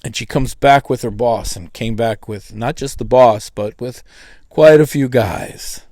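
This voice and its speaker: A man's voice: unhurried, darkish tone, dry recording. A man casually recounting a personal testimony in a conversational, storytelling way. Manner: conversational, acts out quoted dialogue with pitch jumps. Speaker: testimony speaker.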